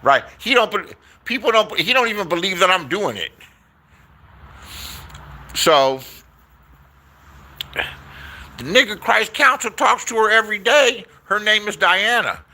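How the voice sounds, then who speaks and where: Man, fairly high voice, tense bright tone, profane, rambling, repeats himself, casual storytelling. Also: animated, a little slow, long pauses. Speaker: streamer telling stories.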